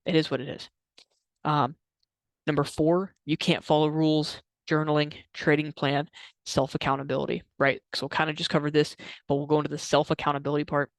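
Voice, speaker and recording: A young adult man giving an energetic motivational talk to camera, repeating himself and using lots of fillers. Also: a little high, no echo. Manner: energetic, repetitive, filler-heavy. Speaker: trading coach vlogger.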